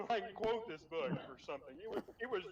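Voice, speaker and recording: A man's voice: sits high, moderate pace, very noisy. A young man telling school stories in casual chat, swearing and laughing as he goes. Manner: animated, swearing, laughing through his stories. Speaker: storyteller. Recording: muffled, distant, crowded room.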